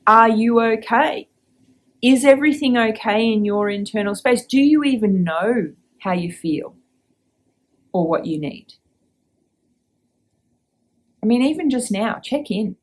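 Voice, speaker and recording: A woman hosting a reflective podcast, gently asking the listener questions and guiding a check-in. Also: fairly high pitch, expressive, unhurried, pauses often. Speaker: podcast host.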